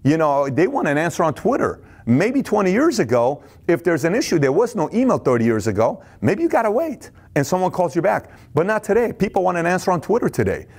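Intense male speaker lecturing on business, high-energy and animated, with stammers and acted-out lines. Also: brisk, hardly any pauses, slightly rough. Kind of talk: energetic motivational talk.

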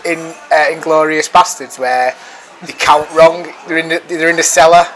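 A man's voice: on the high side, steady tone, moderate pace, a bit bright, poor audio. A man co-hosting a casual podcast, chatty and given to repeating himself, recorded sitting in a pub restaurant. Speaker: podcast co-host.

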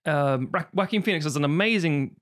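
A man's voice: on the high side, expressive, a little fast, a bit bright. A man co-hosting a podcast, chatting casually in an easygoing, somewhat hesitant way. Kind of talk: casual chat.

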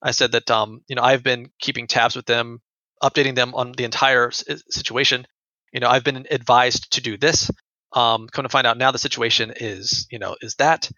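Young male storyteller, gravelly and earnest, sharp tone, lo-fi dry recording. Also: medium pitch, fairly even intonation, normal speed, no echo. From United States. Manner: earnest, repeats words when upset. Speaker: guest telling a personal story. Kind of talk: conversational storytelling. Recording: dull lo-fi dry sound.

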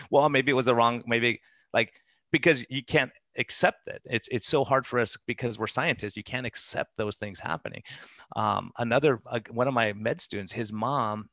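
Fast-talking animated male doctor. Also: mid-range voice, dry recording. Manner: animated, laughing anecdotes with quoted voices. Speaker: physician guest. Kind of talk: conversational storytelling interview.

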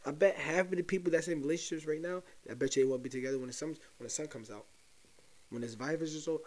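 A young man hosts his own podcast, ranting in a loose, profane, conspiratorial way. His voice sits at a middling pitch, and he talks to listeners as if letting them in on a secret. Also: darkish tone. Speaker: podcast host. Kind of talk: casual solo podcast rant.

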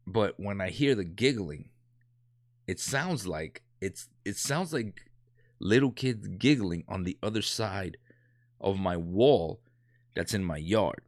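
A man's voice: lowish voice, animated, measured pace, no echo, clean studio sound. A man in his thirties telling a casual anecdote, rambling and profane, with many restarts. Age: 30s. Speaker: storyteller.

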